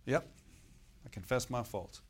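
A man's voice: medium pitch, a little slow, slightly rough. A middle-aged man preaching a sermon as pastor, in a conversational way, putting rhetorical questions to his congregation.

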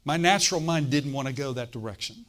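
A middle-aged man preaching with the rhythm of a storyteller, his pitch sitting in an ordinary middle range. He swings from quiet, confiding asides to sudden loud declarations, and breaks into acted-out bursts of laughter to drive his point home. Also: expressive, quick pace. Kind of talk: sermon.

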